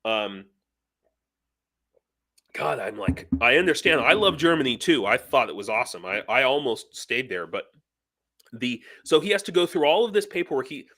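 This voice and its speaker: A middle-aged man hosting a live stream, talking casually and in an animated, rambling way with many fillers and restarts. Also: medium pitch, normal speed, pauses often.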